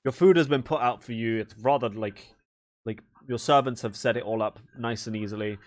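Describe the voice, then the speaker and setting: Give me a man of middle pitch narrating a tabletop game in a rambling way. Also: a little fast. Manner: rambling, casual, full of fillers. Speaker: game master.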